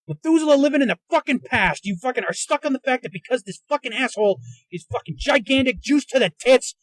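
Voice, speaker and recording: A man with a very high-pitched voice hosts a podcast, ranting alone in an agitated, profane way as he rides in a moving car. The sound is rough and has no echo, picked up by a handheld recorder inside the car.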